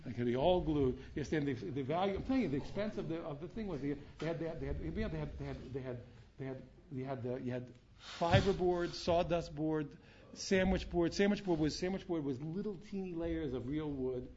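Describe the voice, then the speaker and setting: Quick gravelly rabbi type, mellow dark voice, keeps repeating himself, faint room hum. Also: male voice, on the high side. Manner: rambling, repeats words and restarts, Hebrew terms mixed in. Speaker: rabbi addressing his students. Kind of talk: informal talk with a story. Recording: dull lo-fi sound, faint room noise.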